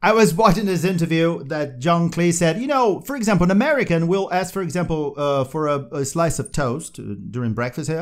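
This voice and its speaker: A man co-hosting a casual chat, telling anecdotes in an animated way and laughing often. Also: fairly high pitch, fairly quick, hardly any pauses. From Brazil. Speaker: podcast co-host. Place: Brazil.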